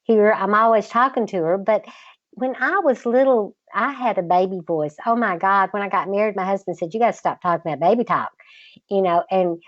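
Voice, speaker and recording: An older woman with a Southern accent, a guest in a relaxed interview, talking in a slow, patient drawl with a slightly girlish voice. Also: medium pitch, no echo, muffled recording. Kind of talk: casual interview chat.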